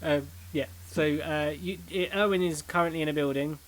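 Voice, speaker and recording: A man's voice: fairly high pitch, fairly even intonation. Man narrating a tabletop game. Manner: halting, full of ums and likes. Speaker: dungeon master.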